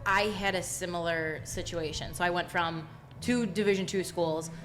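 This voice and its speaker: A young woman hosting a casual podcast, telling expressive stories with lots of "like.". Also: lowish voice, normal speed, over a noisy crowd. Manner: chatty, expressive storyteller with frequent "like" and bursts of laughter. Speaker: podcast host.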